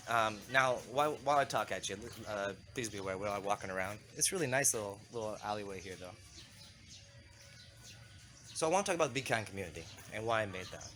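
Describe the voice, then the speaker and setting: A lowish, animated male voice with a bright, forceful tone and quick pace comes from a vlogger and community founder who has a cold. Walking outdoors through town toward a river, he talks casually, rambles a little and corrects himself, amid clear street noise.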